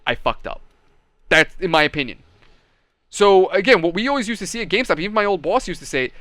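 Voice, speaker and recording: A man's voice: sits high, expressive, fast, bright, forceful tone, dry recording. A man hosting a casual gaming and hobby channel, telling stories and giving opinions in a blunt, profane, mocking way. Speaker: channel host.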